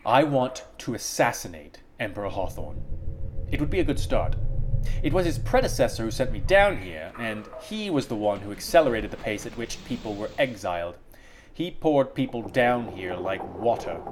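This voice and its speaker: A cold, vengeful exiled sorceress from a fantasy game speaks in a slow, deliberate, menacing way, as a man reads her lines in his own low voice. A steady hiss of noise sits under the home recording.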